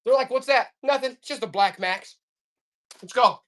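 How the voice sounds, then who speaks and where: Hyped, joking woman seller, high voice. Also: moderate pace. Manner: hyped, joking sales patter. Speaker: live-stream auction seller. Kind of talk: casual live selling banter.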